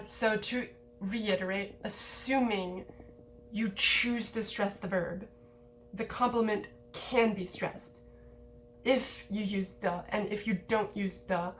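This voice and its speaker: A woman giving a relaxed, conversational language lesson, explaining grammar points with lots of casual filler words. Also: medium pitch, slight background noise. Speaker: language teacher.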